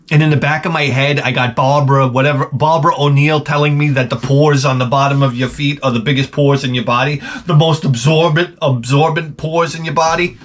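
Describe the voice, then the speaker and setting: A man in his forties hosts a loose, casual monologue, rambling and crude. He mocks himself freely and swings into loud, animated retellings of his own stories. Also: fairly high pitch, normal speed. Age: 40s. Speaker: host.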